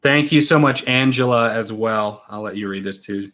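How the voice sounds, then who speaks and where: A man's voice: on the low side, moderate pace, fairly bright tone. A friendly young man hosting a livestream. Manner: friendly, thanks viewers one by one. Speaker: YouTube reaction channel host. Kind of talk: casual livestream chat reading fan mail.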